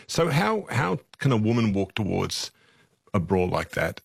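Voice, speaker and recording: Casting: male interviewer, very low husky voice, dry studio mic. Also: very animated, a little slow, dry recording. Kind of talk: interview questions.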